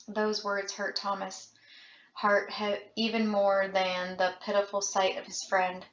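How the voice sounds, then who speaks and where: A woman reading a novel aloud with dramatic, expressive narration. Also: mid-range voice, measured pace. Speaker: audiobook reader. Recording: roomy, dull lo-fi home recording.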